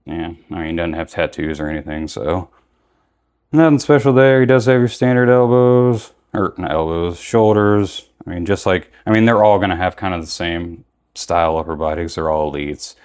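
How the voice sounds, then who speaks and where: A man's voice: low-pitched, expressive, moderate pace, a little mellow, smooth. A young man giving casual, rambling commentary while unboxing and reviewing action figures, often correcting himself mid-sentence.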